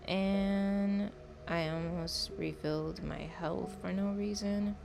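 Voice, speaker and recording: A woman's voice: fairly low pitch, little pitch movement, takes it slowly, vocal fry, a little mellow, soft background music. A woman casually narrating her own gameplay at home, rambling and chatty, often correcting herself.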